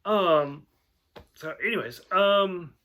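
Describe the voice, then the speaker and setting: A man's voice: high-pitched, slow pace, bright, forceful tone. A young man co-hosting a casual review chat, swearing often and quoting lines in put-on voices. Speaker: podcast co-host.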